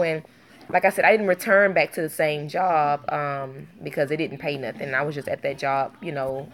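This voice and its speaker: A young woman, a mother, chatting casually to camera in an earnest, emotional way, rambling with many fillers and restarts. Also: low voice. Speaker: vlogger and mother.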